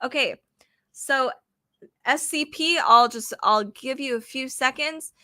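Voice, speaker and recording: Woman, bright clear voice, fairly high, casual livestream host, chatty, dry close sound. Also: slow, dry recording. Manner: chatty and apologetic, reading questions aloud to chat. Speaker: livestream host running trivia games.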